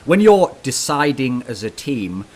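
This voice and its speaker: Animated man teasing his guest. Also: mid-range voice, measured pace. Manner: animated, teasing, mock-dramatic. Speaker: podcast host. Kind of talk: esports talk show.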